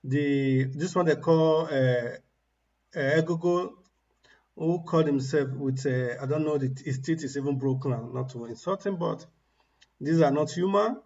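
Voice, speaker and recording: A man's voice: fairly high pitch, unhurried, darkish tone, dull audio. Mocking man ranting on a stream. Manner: mocking, ranting, laughs at his targets. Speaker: political commentator. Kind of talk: livestream commentary.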